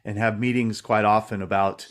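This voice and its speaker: A man's voice: fairly low pitch, level tone, moderate pace. A man hosting a casual video-call chat, rambling in a friendly way and repeating words as he goes. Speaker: company host interviewer.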